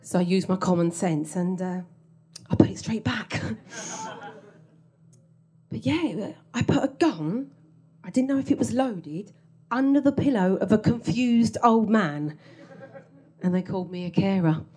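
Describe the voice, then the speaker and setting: A woman's voice: medium pitch, animated, a little slow, long pauses, warm tone. A woman telling a comic story from her own life on stage, wry and self-mocking, often laughing through her lines.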